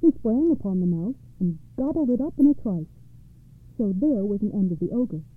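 A woman narrating fairy tales for a radio program in a measured, expressive storytelling manner. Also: mid-range voice, dry recording. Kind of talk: fairy tale read-aloud narration. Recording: tinny phone-like radio sound.

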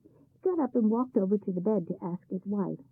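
A woman telling a folk tale in a lively, expressive reading, with a tinny, phone-like sound. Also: medium pitch, a little fast, husky, no echo. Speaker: storyteller. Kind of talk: scripted narration of a folk tale.

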